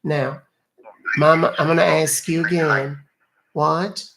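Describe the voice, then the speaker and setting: A man's voice: on the high side, steady tone, slow pace, gravelly, background noise, voice pushed up. A man voicing a fussy older lady on a phone call, sassy and talking down to the caller as "honey". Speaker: scambaiter. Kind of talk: prank call role-play.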